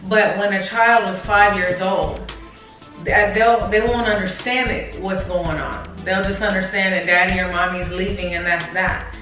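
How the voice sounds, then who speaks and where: A woman co-hosting a channel, talking about a painful family topic in a halting, tearful way, often repeating words and addressing viewers directly. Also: mid-range voice, fairly even intonation, sharp tone, heavy reverb, recorded from a distance, faint music behind. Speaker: co-host. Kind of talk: emotional personal talk to viewers.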